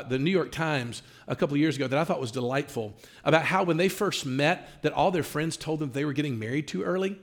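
A man preaching, telling a story in an animated way with lots of "uh" fillers. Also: fairly high pitch. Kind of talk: sermon storytelling.

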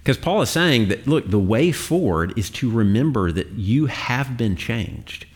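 A man's voice: medium pitch, animated, a little slow. A man preaching a sermon in a conversational way, with fillers and the odd laugh. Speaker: pastor.

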